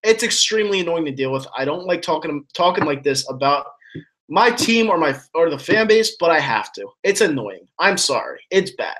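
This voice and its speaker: A man's voice: on the high side, sing-song, moderate pace, fairly bright tone. A man ranting angrily about his football team while answering viewers' comments, swearing a lot and stumbling over his words. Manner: angry, profane, rambling with restarts. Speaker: sports fan streamer answering chat. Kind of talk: ranting live stream commentary.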